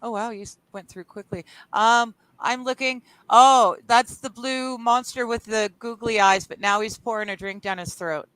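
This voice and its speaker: A woman from Canada with a bright, crisp voice, giggly and friendly in casual stream chat. The sound is dry and close, with no room around her. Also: on the high side, fairly even intonation, dry recording, rough recording. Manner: giggly, friendly, quick to laugh.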